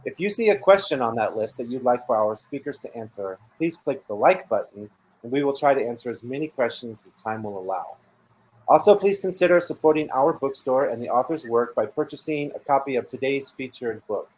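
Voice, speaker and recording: A man's voice: medium pitch, fairly quick, poor audio. Man reading formal event announcements. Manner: reads announcements and guest bios in an even, formal way. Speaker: bookstore event host. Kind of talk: scripted event introduction.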